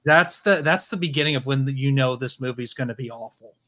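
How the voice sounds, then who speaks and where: A man's voice: medium pitch, fairly quick, a bit bright. Male co-host, casual film chat, blunt dismissive quips, mid-range voice. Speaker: podcast co-host.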